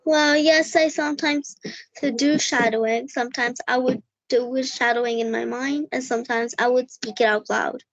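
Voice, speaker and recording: A young girl from India speaks over a video call in Indian English, reaching for a British accent. Her voice is high and she hesitates, repeating words as she goes. The call audio is dry and dull. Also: fairly even intonation, normal speed, no echo. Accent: Indian English, imitating British. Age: child.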